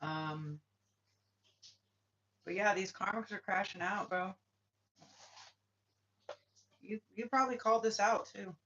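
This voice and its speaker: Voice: mid-range voice, slow, pauses often, a bit bright, muffled recording, a little hiss or hum. A spiritual reader talking in a casual vlog, blunt and profane, firing off repeated questions in heated bursts.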